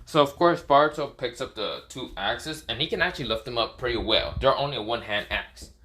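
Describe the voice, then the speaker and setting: A man's voice: medium pitch, lively intonation, a little fast, sharp tone, a little hiss or hum. Rambling man improvising a fan story. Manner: rambling, many fillers and throat clearing.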